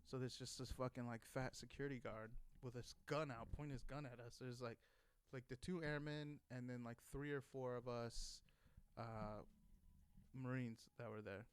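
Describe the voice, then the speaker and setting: A man's voice: mid-range voice, fairly even intonation, moderate pace, smooth. A young adult man telling a rambling, profane story in a casual way, with many restarts. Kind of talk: casual anecdote.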